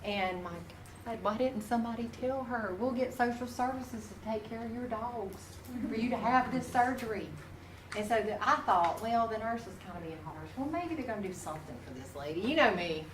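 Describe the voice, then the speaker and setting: Nursing instructor, lively classroom storyteller, distant mic in an echoey room. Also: female voice, on the high side, background noise. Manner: folksy, animated storyteller who talks straight to the class.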